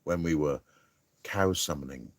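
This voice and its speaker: A man's voice: a bass voice, unhurried, dry recording. A man hosting a casual live-stream quiz, chatty and rambling, laughing at his own asides. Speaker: livestream quiz host.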